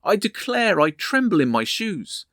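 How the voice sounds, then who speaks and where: A drunken, arrogant young duke, haughty and sneering, as a man reads him aloud. He slurs and pushes his voice up high and loud. The sound is close and dry. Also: big pitch swings, a little slow, no echo, heavily acted. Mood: mocking.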